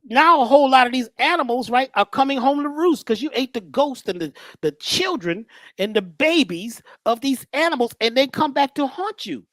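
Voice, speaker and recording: A woman giving a casual lecture, conversational and animated, acting out the people in her stories. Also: high voice, normal speed, no room sound. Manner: conversational, animated, acts out voices.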